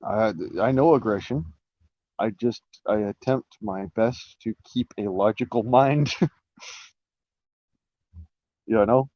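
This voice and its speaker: A man's voice: lowish voice, slow pace, long pauses, dry recording, lo-fi sound. A man talking through a casual live-stream monologue, rambling with restarts and fillers, swearing now and then.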